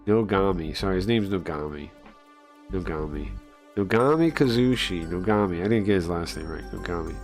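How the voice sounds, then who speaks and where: A man casually commenting while he plays and reads through a story game, chatty and easily excited, thinking aloud with many pauses. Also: deep voice, soft background music. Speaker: streamer playing and reading a story game. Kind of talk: casual live-stream commentary.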